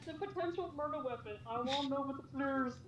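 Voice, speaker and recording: Joking woman bantering with a friend's stream, kinda high voice, lots of background noise. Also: rapid-fire. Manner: teasing, joking asides. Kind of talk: casual banter. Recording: noisy background.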